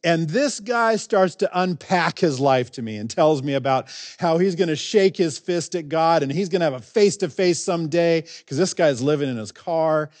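A man preaching a sermon, telling a personal story in a conversational, animated way and acting out bits of dialogue. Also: on the high side, moderate pace, hardly any pauses, dry recording. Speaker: pastor.

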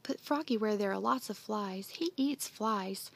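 A woman's voice: medium pitch, measured pace, gravelly, slight background noise. A woman voicing an eager young boy in a children's storybook reading, calling out to a friend.

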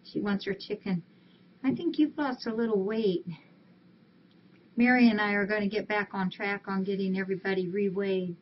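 A woman's voice: mid-range voice, fairly even intonation, moderate pace. Brief: woman on a casual live stream from a cat rescue, cooing fondly at the cats over muffled audio. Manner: coos affectionately at cats. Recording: dull lo-fi stream audio, faint hiss.

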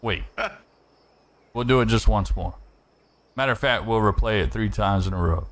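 A man's voice: lowish voice, normal speed. A man hosting a livestream, chatting casually and teasing friends and chat. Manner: joking, teasing banter with chat. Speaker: livestream host.

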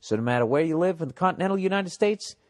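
Animated man hosting a podcast, raspy. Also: on the high side, quick pace. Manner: loud, animated, jokey, swears freely. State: slightly cracking voice. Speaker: podcast host. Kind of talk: casual podcast monologue with ad read.

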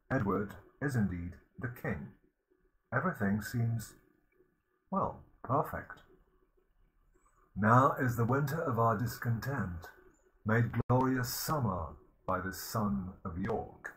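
A man giving a recorded university literature lecture, explaining in a measured way and stopping to gloss words. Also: lowish voice, slight background noise, rough recording.

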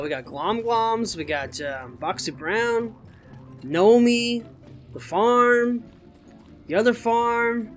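Excitable, swearing gameplay commentator. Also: mid-range voice. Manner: excitable, jokey and profane, talking to game creatures. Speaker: gaming channel host.

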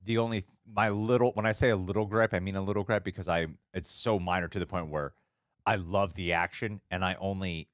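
A man's voice: sits low, fairly even intonation, brisk, dry recording, studio quality. A man co-hosting a movie reaction show, talking casually and animatedly, often restarting his sentences and laughing. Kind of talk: casual chat.

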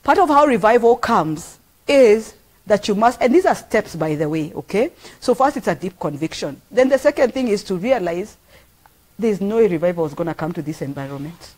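A woman's voice: medium pitch, animated, normal speed, a little mellow. A middle-aged woman with a Kenyan accent preaching a sermon, earnest and emphatic, repeating phrases for weight. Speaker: pastor.

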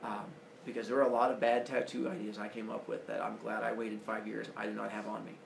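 A man's voice: on the low side, level tone, fast talker, vocal fry, roomy sound, slight background noise. A man in his forties giving an earnest, personal motivational talk to students, heard from a distance in a large room. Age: 40s. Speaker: school speaker.

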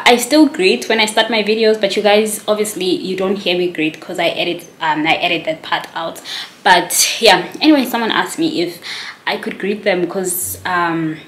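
A woman's voice: medium pitch, a bit bright, slight background noise. Chatty woman in an echoey room. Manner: rambling, self-conscious, chatty. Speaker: vlogger. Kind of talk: casual vlog chat to camera.

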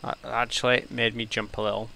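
A man giving chatty let's play commentary as he plays, thinking aloud and getting easily excited. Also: mid-range voice, brisk, vocal fry, slight background noise. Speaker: gamer.

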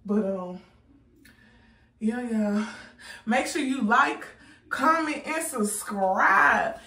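A woman vlogger films a playful prank video on a phone held in her hand, teasing and laughing a lot, and her speech has distinctive features. Her voice is fairly high, expressive, very slow and creaky, with a sharp tone. The sound is reverberant, and the mic is distant.

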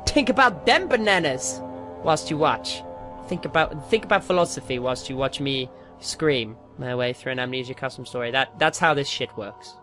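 Over music, a young man with a medium-pitched, expressive voice plays a horror game at a moderate pace. This let's play gamer jokes around, rambles, and narrates every move he makes.

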